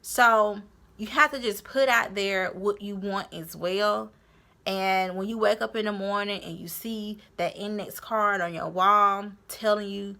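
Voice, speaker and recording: A woman's voice: medium pitch, vocal fry, pushed and bright. A young woman vlogger giving motivational tips to her viewers, encouraging and repeating her key points as she talks straight to them. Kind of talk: motivational tips talk to camera.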